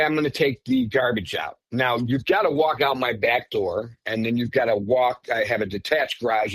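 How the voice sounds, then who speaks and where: A man telling his own story as a podcast guest in a casual, animated way, often breaking off and restarting. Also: mid-range voice, no echo. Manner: animated, self-interrupting, says "frickin'". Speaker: podcast guest recounting encounters.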